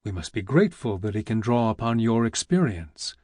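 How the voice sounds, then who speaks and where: Guy reading as a forty-ish investigator, polite and soft-spoken, lowish voice, dry close sound. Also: very animated, fairly quick, no room sound. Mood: deferential. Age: 40s. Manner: polite, quiet and deferential. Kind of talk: audiobook reading.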